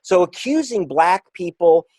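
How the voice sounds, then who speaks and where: A man being interviewed as an author and reporter, talking in an emphatic, combative way and slowing down to stress his points. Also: high voice, animated, darkish tone, breathy edge, dry recording. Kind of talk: interview guest.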